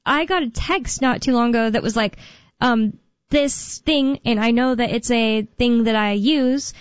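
A woman's voice: a little high, measured pace, dry recording. A woman co-hosting a talk radio show, chatting casually and rambling with lots of fillers. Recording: dull lo-fi radio broadcast sound.

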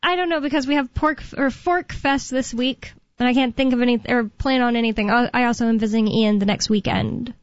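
Casting: chatty radio co-host woman, higher voice, dry muffled studio sound. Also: steady tone, no echo. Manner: giggly, chatty, reads news aloud haltingly. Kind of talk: casual on-air chat.

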